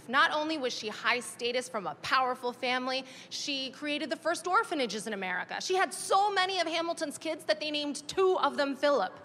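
A woman stand-up comedian telling a story fast and animated, with shouted outbursts, recorded live at a comedy venue. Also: high voice. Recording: live venue, long reverb, crowd noise.

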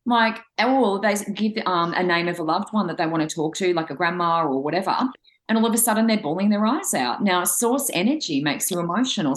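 A woman with a slightly low voice co-hosts a spiritual podcast. She speaks casually and reassuringly, addressing the listener directly, with some ums and uhs along the way. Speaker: podcast co-host, psychic reader. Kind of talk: casual chat.

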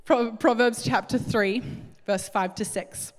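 A middle-aged woman preaching a sermon, animated and acting out little scenes in different voices. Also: fairly high pitch, unhurried. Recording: echoey hall with long reverb.

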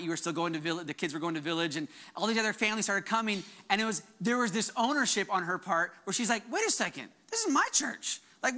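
A male pastor preaching a conversational sermon, breaking off and restarting his sentences and jumping up high when he acts out quoted lines. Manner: animated, voice jumps high when acting out quotes; conversational, self-interrupting.

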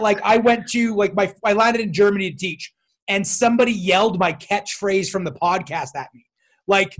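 A man's voice: high voice, normal speed. A man hosting a casual interview podcast, telling stories with animation and frequent laughter. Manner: animated storyteller, laughs often. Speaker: podcast host.

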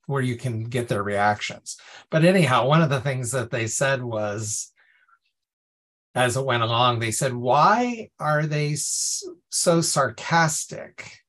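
A man's voice: mid-range voice, fairly bright tone. A man co-hosting a podcast in casual chat, talking in a chatty way with frequent laughs and many restarts. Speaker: podcast co-host.

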